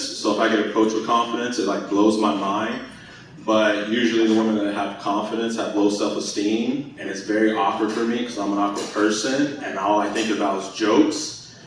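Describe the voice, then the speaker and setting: A man's voice: lowish voice, slight background noise. A young man doing a crude, rambling stand-up set full of fillers on a comedy club stage. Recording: echoey club recording from far off.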